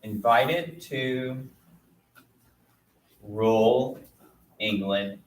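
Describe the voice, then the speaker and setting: Casual man lecturing a class. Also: medium pitch. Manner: casual, chatty, drawn-out phrasing. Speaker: teacher. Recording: roomy, distant mic, faint noise.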